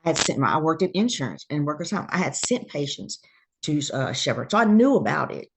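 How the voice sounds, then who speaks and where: Low gravelly woman telling her story. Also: fairly quick, noisy background. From Georgia, USA. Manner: animated storyteller who acts out quoted voices. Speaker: guest. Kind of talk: casual storytelling interview.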